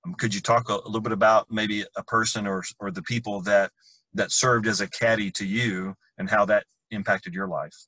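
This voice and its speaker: Male host, low voice, dry close recording; measured, encouraging interviewer. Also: steady tone, bright, forceful tone, no echo, rough recording. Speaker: podcast host. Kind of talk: casual interview.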